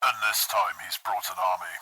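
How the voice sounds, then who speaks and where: A man voicing a stern, grim warrior chaplain who speaks in a slow growl. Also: deep voice, steady tone, pushed and bright, breathy edge, dry recording, pitched below the performer's own voice, heavily acted.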